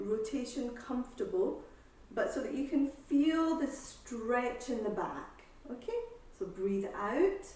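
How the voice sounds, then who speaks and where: A woman exercise instructor calmly guiding a seated breathing class, with slow breath cues and counting. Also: fairly high pitch. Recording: echoey room, voice from far off.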